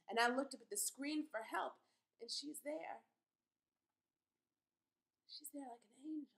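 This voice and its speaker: An actress performing a dramatic monologue for an audition, telling her story in a folksy dialect and swinging from whispers to shouts. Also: on the high side, poor audio. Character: proud dreamy young woman telling her story.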